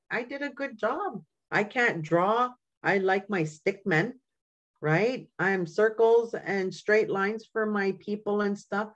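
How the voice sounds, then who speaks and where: A woman's voice: medium pitch, highs cut off. An older woman from Canada, an elder giving an informal teaching talk in a storytelling way, often checking in with "right?" and "you know". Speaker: community elder.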